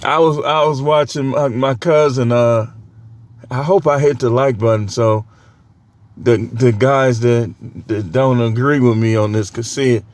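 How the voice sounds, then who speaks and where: A man's voice: mid-range voice, fairly even intonation, measured pace, darkish tone. A man with a cold who coughs now and then, preaching a casual, joking sermon with lots of laughter and slangy banter.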